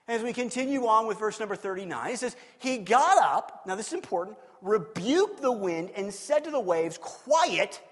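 A man preaching a sermon, animated and acting out scenes with shifting voices. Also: high voice, moderate pace, few pauses, long reverb tail. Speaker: pastor.

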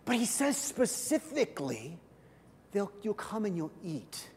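A man preaching a sermon as pastor, swinging from loud, urgent passages to hushed, soft ones and acting out quoted voices in conversational asides. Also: sits high, huge pitch swings, moderate pace. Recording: long reverb of a large hall.

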